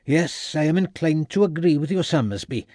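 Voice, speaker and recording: A stiff, self-important old doctor with a Welsh accent, put on by a male narrator, pitched a little above the reader's own voice. Pompous and easily affronted, he is heard dry and close in a storybook reading. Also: animated, normal speed, darkish tone, no echo, lightly acted. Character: elderly Welsh town doctor, proud and stiff.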